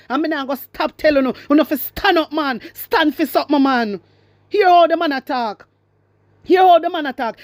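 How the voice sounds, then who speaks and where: High-pitched Jamaican woman ranting. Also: darkish tone, dry recording. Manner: emphatic, repetitive, patois-heavy. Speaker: commentary vlogger. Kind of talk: casual political commentary.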